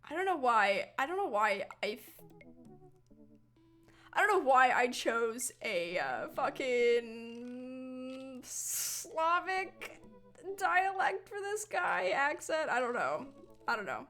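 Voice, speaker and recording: Playful, high-voiced woman gaming streamer. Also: sing-song, slow pace, fairly bright tone, faint music behind. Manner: playful, swearing, laughing asides. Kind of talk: let's-play commentary and reading game text.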